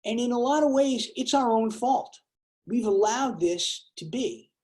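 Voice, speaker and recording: A woman's voice: fairly high pitch, animated, measured pace, mellow, poor audio. A woman giving a lay sermon to her congregation, talking plainly and conversationally with small hesitations and restarts. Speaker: lay worship leader. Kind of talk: lay sermon with a told joke.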